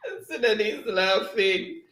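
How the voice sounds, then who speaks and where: Jamaican male co-host, higher voice, chuckles through chat readouts. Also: pushed and bright, reverberant. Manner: giggly, reads viewer comments aloud. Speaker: live show co-host reading chat. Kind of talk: casual live-stream chat.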